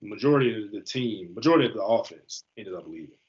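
A man in his thirties from the US East Coast, a football player telling his story as a guest on an interview show. He talks in an animated, slangy way. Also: lowish voice, fast. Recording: slightly muffled lo-fi recording.

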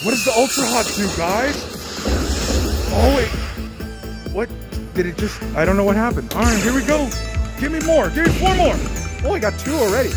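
A slot machine vlogger giving excited live commentary on a casino floor, pleading with the machine over and over. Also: mid-range voice, a little fast, long pauses. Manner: excitable, pleads with the machine, repeats "come on" and "one more". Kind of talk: excited live commentary while playing slots. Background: jingling slot machine music.

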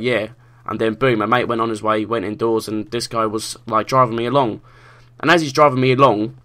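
A young man with a South London accent casually telling a story to camera, sweary and animated, full of slang. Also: on the low side. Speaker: vlogger.

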